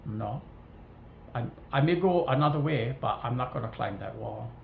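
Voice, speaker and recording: Speaking in an extremely low voice with vocal fry, a Hawaiian woman rants casually to her viewers from her home kitchen, her English tinged with Hawaiian Pidgin. Her pace is moderate, and she animates the story by performing the dialogue, in a roomy, somewhat dull recording with faint hiss.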